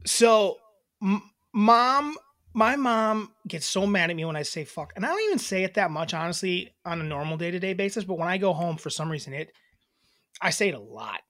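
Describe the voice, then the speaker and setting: Animated, profane woman in her thirties. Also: fairly low pitch, moderate pace. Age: 30s. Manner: blunt, profane and animated, with lots of filler. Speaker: podcast co-host. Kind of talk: casual chat.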